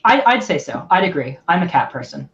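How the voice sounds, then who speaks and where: A woman's voice: lowish voice, big pitch swings, normal speed, muffled recording. A woman co-hosting a casual livestream who laughs often and talks hesitantly, with lots of "like". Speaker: livestream co-host.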